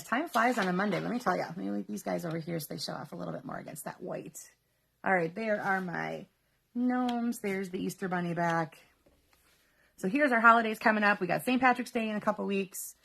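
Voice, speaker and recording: Lady w a bit of vocal fry hosting her weekly crafting livestream, chatty, lots of ums. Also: medium pitch. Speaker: crafting show host. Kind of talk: live card-making demonstration.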